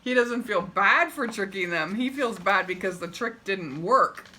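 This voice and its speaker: A woman reading a picture book aloud with expressive delivery and chatty asides. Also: medium pitch, unhurried, slight background noise. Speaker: storybook reader.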